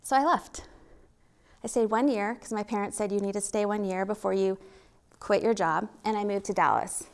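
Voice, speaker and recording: A woman's voice: mid-range voice, normal speed, clear, resonant tone. A middle-aged woman from Oklahoma with a slight Oklahoma accent, telling her personal story on stage with candid, self-deprecating humor. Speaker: storytelling speaker. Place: stage at a live event.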